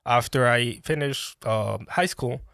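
A Colombian-born man who grew up speaking Spanish tells his story as a podcast guest. He talks in animated, restarting bursts, at a middle pitch. His voice is recorded close and dry. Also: takes it slowly, creaky, no echo. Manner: animated, restarts often, bursts into laughing exclamations. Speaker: podcast guest, brand founder. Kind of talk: casual interview storytelling.

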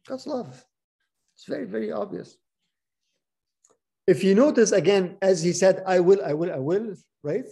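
A man reading scripture aloud and teaching on it, animated, stressing key words, often restarting his sentences. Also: high voice. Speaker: Bible study teacher.

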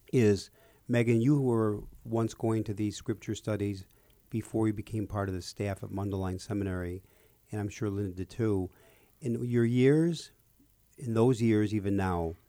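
A male host leads a relaxed interview, asking questions and praising his guests' answers. His voice is low and mellow, and it sounds close and dry. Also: dry recording. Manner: warmly appreciative, questioning. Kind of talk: casual interview talk.

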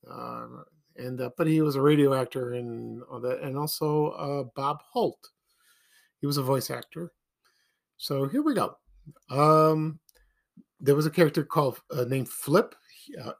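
A man hosting a casual solo podcast, talking in a hesitant, halting way and chuckling between points. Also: fairly high pitch, creaky. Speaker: podcast host.

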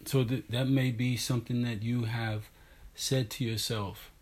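A man in casual chat, thoughtful and analytical, speaking in halting, searching phrases. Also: medium pitch, level tone, husky.

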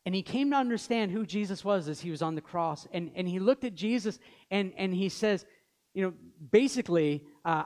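A man's voice: sits high, lively intonation, brisk, a little mellow. A man in his thirties preaching a sermon as pastor, telling stories earnestly and acting out the dialogue. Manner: earnest storytelling, acts out dialogue.

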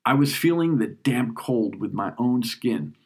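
With an expressive, husky mid-range voice, a man from New York looks back on his own experiences, telling them emotionally and without rushing so each moment can breathe.

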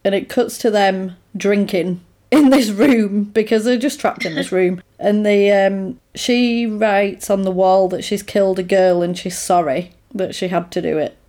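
A woman's voice: mid-range voice, fairly even intonation, unhurried, dark tone. Chatty woman recapping a film. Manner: chatty, retells scenes with acted-out quotes and laughs. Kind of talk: casual chat recapping a film.

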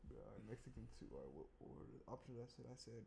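A man in casual chat, running a silly improv game with a friend in a relaxed, crude way, often laughing and mumbling off. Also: lowish voice, fast talker, gravelly, slight background noise. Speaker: game leader.

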